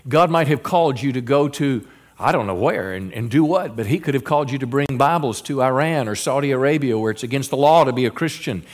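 Male pastor, middle-aged, mid-pitched voice, earnest sermon delivery with frequent stammered restarts. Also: animated, brisk. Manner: earnest preaching with repeated stammered restarts and quoted scripture.

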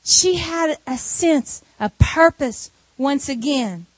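High-voiced woman retelling a story. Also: slow pace, no room sound. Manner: animated, conversational retelling. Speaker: preacher. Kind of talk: storytelling sermon.

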